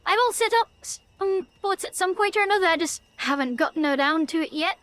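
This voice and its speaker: A woman's voice: very high-pitched, animated, a little fast, fairly bright tone, no echo. A woman with a Northern Irish accent, chatting and swearing casually while streaming a game live. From Northern Ireland. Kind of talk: live gameplay commentary.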